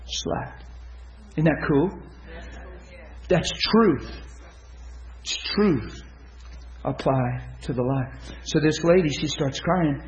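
A man preaching, telling stories to his listeners, swinging from loud excitement to hushed tenderness. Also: fairly high pitch, slow pace, long pauses, reverberant, lo-fi sound. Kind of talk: sermon storytelling.

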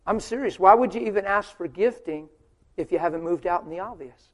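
A man preaching a sermon, asking rhetorical questions and swinging from loud, driving emphasis to hushed storytelling. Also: high-pitched, a little fast. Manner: asks the crowd rhetorical questions.

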